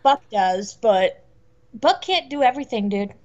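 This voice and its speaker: Chill woman playing a game with her friend, slightly high voice, says dude a lot. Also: animated, unhurried, darkish tone, dull audio. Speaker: game co-host. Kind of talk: casual gameplay chat.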